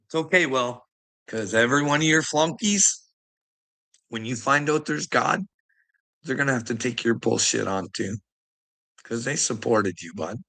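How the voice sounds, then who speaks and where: A man's voice: mid-range voice, expressive, measured pace, creaky, pauses often, bright, forceful tone. A middle-aged man in a swearing, ranting monologue who taunts his listener as "bud" and keeps breaking into laughter. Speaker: vlogger.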